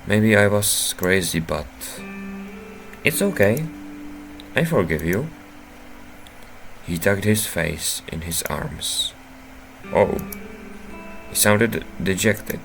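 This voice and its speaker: A man playing through a visual novel, reading the narration aloud and breaking into loud, profane reactions. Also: sits low, slow, gravelly, long pauses, low-quality recording. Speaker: game streamer. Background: faint game music.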